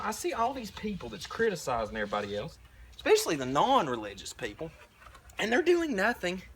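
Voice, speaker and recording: A man's voice: high voice, a bit bright, slight background noise. Rambling Southern young man preaching. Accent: Southern American. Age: young adult. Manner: rambling, blunt, folksy with frequent restarts; painting while talking. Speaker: prepper vlogger. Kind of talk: casual preaching monologue. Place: outdoors at a tiny house build site.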